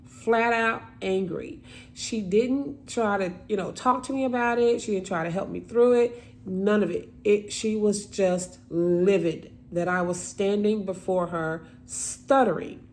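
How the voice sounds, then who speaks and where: Slow-paced woman sharing a personal story, emotional and halting. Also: medium pitch, a little mellow. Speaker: vlogger telling a story.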